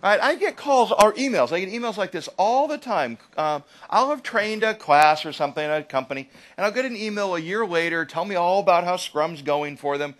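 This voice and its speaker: A man giving a live lecture to an audience as an agile trainer, animated and often checking in with "right?". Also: high-pitched, fairly quick, hardly any pauses.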